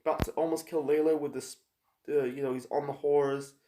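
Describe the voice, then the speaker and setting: Male reviewer, slightly high voice, rambling, loose delivery full of ums and restarts, echoey room. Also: steady tone, warm tone, a little hiss or hum. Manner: rambling, halting, with many fillers and restarts. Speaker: TV episode reviewer. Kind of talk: casual spoken review.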